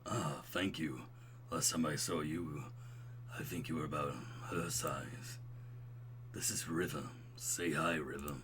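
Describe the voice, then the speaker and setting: A man voicing a smooth, laid-back young dad and old college buddy in a slow, deep, buttery drawl for a dating game. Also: steady tone, noisy background. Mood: friendly. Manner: slow, mellow drawl ending on "bro".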